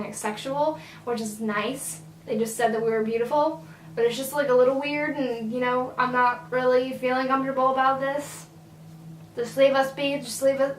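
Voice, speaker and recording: A woman's voice: high-pitched, a bit bright, reverberant, far from the mic, a little hiss or hum, low-quality recording. A teenage girl from Virginia telling a casual storytime, chatty and full of "like.". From Virginia, USA. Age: teens. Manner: chatty, filler-heavy "like". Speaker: vlogger.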